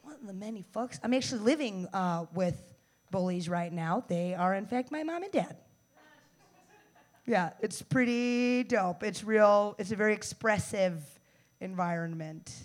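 A woman in her twenties from the United States performing a stand-up set, brash and profane, with loud bursts and mock-tough asides. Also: mid-range voice, measured pace. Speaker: stand-up comedian.

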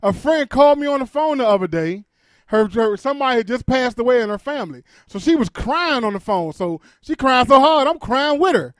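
A man doing stand-up comedy on a club stage, telling loud, animated stories with shouted bits, then chatting in an interview. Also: extremely high pitch, brisk, no room sound, clean studio sound.

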